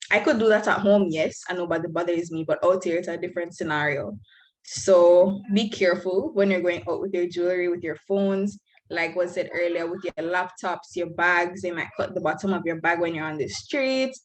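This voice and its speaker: A woman's voice: on the low side, moderate pace, rough recording. A young woman from Belize, giving frank, earnest advice to new students on a video call. She speaks candidly and laughs lightly now and then.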